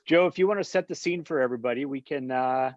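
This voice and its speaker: A man's voice: medium pitch, dry recording. Upbeat man moderating over a video call. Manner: upbeat, guiding, brisk. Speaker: panel moderator. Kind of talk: casual panel chat. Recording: dull lo-fi video call audio.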